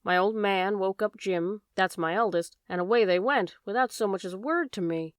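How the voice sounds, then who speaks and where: A woman reads from an audiobook in a lightly acted, mid-range voice at normal speed, playing a worried boatman's wife from the working class who is chatty, plain-spoken and drops her endings. The studio recording is clean, with no room sound.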